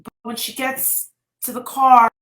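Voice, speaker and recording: A woman's voice: on the high side, little pitch movement, measured pace, fairly bright tone, echoey room, slight background noise, rough recording. A woman vlogger retelling a story in a rambling, emotional way, breaking off now and then to scold her viewers.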